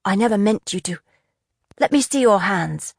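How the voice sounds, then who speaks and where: A woman's voice: mid-range voice, lively intonation, moderate pace, gravelly, no echo, studio quality. A woman reading a stern male interrogator who presses with clipped, cold questions. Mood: icy.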